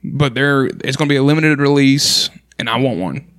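Male co-host, relaxed and halting, mid pitch, dry close sound. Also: dry recording. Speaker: podcast co-host. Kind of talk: casual chat.

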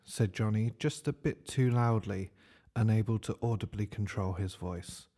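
A man narrating a comic story in a dry, deadpan way. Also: lowish voice, normal speed.

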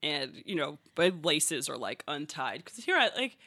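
A woman's voice: sits low, sing-song, normal speed, sharp tone. A woman in her thirties, a guest soccer player, telling a story casually with many fillers and bursts of laughter. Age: 30s.

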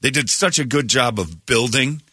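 A man's voice: medium pitch, normal speed, breathy edge, no echo. A man hosting a radio show, telling a story in casual chat with lots of restarts and fillers. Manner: animated retelling with many restarts and fillers. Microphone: studio microphone.

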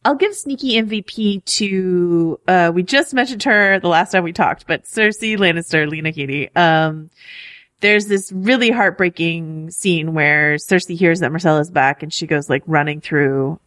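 A woman's voice: lowish voice, unhurried, a bit bright, dry recording, studio quality. A woman co-hosting a podcast, chatting casually with many fillers and frequent laughs. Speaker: podcast co-host.

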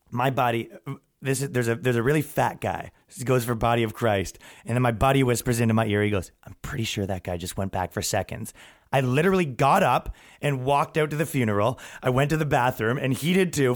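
A young man hosting a podcast, ranting and telling funny stories in a loose, profane way, often acting out the people he quotes. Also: mid-range voice. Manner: animated, profane, quotes people in acted voices. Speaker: podcast host. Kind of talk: casual storytelling rant.

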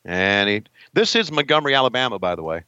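A man's voice: fairly low pitch, sing-song, fast, pushed and bright, clean tone, no room sound, muffled recording. A man in his sixties co-hosting a podcast, chatting casually and laughing over old wrestling footage. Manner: laughing, easygoing, folksy. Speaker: podcast co-host.

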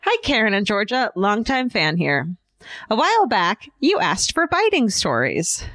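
A woman's voice: mid-range voice, very animated, a little slow, a bit bright, dry recording. A woman co-hosting a comedy podcast, reading a listener's email aloud with jokey asides. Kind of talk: casual comedic podcast chat.

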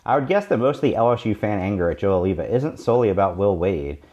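A man with a very deep voice reads listener mail on a podcast. His reading is measured and conversational. The sound is slightly muffled and dull, as if over a lower-quality line. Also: sing-song, darkish tone. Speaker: podcast co-host.

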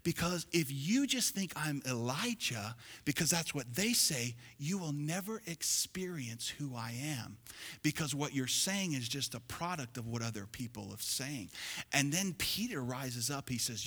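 Bright, animated preaching man. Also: medium pitch, measured pace, slightly rough. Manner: animated preaching, swings from quiet asides to shouting. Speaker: pastor. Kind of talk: sermon.

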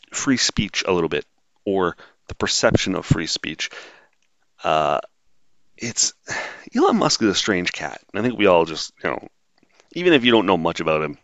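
Low-voiced man, wry rambling monologue. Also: fairly bright tone, dry recording. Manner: rambling, wry and sarcastic, frequent filler words. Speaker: podcast host. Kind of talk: casual solo monologue. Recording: dull, dry lo-fi sound.

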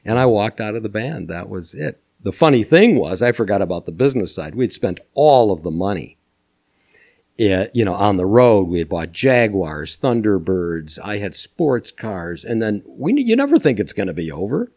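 An older man from Minnesota, a podcast guest telling animated anecdotes with chuckles. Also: on the low side, normal speed. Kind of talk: storytelling interview.

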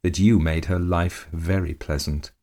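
A man voicing a vain, sharp-tongued aging countess, high and shrill in a mocking, querulous manner. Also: fairly even intonation, measured pace. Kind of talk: audiobook character voice.

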